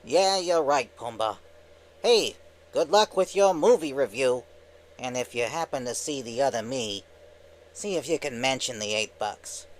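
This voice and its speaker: A brash, fast-talking meerkat with a sly, jokey streak, as a man puts him on for a comic skit. He chatters on cheekily and fires off quips. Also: medium pitch, lively intonation, close to an everyday voice. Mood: wisecracking. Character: wisecracking male meerkat, fast-talking schemer.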